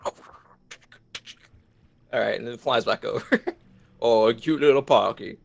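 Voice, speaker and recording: A man's voice: mid-range voice, a little slow, vocal fry. A man playing a tabletop game, describing things playfully and laughing often. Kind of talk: casual tabletop game play.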